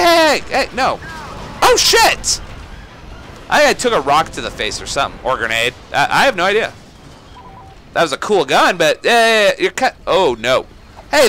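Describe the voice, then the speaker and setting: A man giving let's play commentary on a shooter game, excitable, swearing and yelling at enemies. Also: high-pitched, a little hiss or hum. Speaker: gaming YouTuber.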